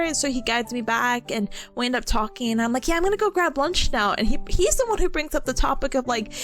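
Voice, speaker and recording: Lively high-voiced woman streamer. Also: brisk, hardly any pauses, soft background music. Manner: animated storytelling with bursts of laughter. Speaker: VTuber streamer. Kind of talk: casual chat.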